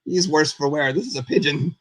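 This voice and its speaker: A man hosting a live puppet talk show as a goofy, chatty skeleton, rambling and excitable, and referring to himself in the third person. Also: on the high side, a little fast, no echo. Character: goofy skeleton host, male, chatty and silly. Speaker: host.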